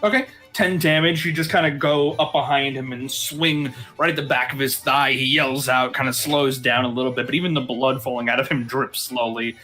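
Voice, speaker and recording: A man's voice: mid-range voice, steady tone, fairly quick, hardly any pauses, sharp tone, faint music behind. A man narrating a tabletop game as game master in a casual way, with frequent fillers.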